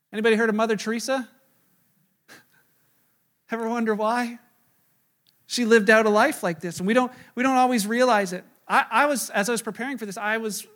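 A middle-aged man preaching a sermon, telling a personal story with animated, self-mocking delivery and acting out his own quoted lines. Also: high-pitched. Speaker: pastor.

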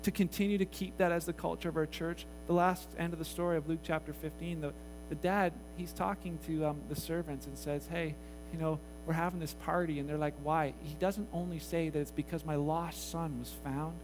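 High-voiced man preaching a story. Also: fairly quick, music in the background, poor audio. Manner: animated, acts out voices in the story. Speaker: pastor. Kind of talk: sermon storytelling.

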